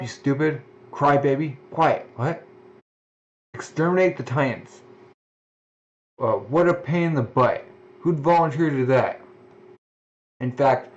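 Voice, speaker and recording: A man's voice: medium pitch, dull audio, slight background noise, lightly acted. A man reading a defiant young woman.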